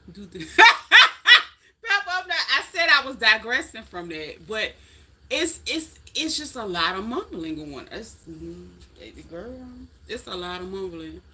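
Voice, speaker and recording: Middle-aged woman, bright and sharp tone, folksy casual live-stream chatter aimed at viewers. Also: mid-range voice, big pitch swings, moderate pace, slightly rough. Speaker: livestream host chatting with viewers.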